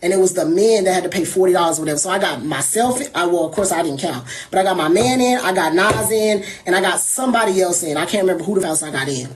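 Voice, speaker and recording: A woman telling a personal story in casual talk, animated and irritated, acting out other people as she goes. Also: lowish voice, fast, few pauses, a little hiss or hum.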